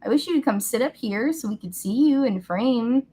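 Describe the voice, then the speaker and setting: A woman's voice: on the high side, expressive, normal speed, warm tone, husky. A bubbly young woman chats through her makeup routine into a webcam at home. Her talk is casual and chatty, and she squeals with delight now and then. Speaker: beauty vlogger. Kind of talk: casual get-ready-with-me chat.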